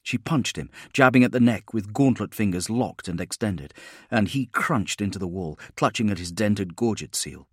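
A man reads a science-fiction audiobook in a steady, measured storytelling manner. His voice sits low, recorded dry and close with no room sound. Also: slightly rough, no echo. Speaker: audiobook narrator. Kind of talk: scripted narration.

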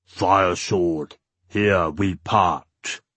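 A man voicing a bulky male monster warrior who speaks slowly, solemnly and formally in a husky voice. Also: deep voice, fairly even intonation, a bit bright, dry recording, voice pushed down, exaggerated voice. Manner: slow, solemn, formal speech.

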